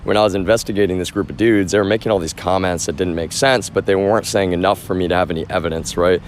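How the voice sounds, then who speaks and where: A man's voice: low voice, fast. Agitated man ranting on a street livestream. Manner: agitated, rambling, heavy swearing, addresses viewers as "y'all". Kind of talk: outdoor livestream rant. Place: outdoors on a street. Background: traffic.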